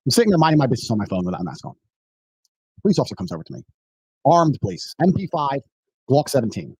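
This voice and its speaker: A man telling a story in casual podcast talk, animated, brash and profane. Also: medium pitch, quick pace, husky, dry recording, rough recording.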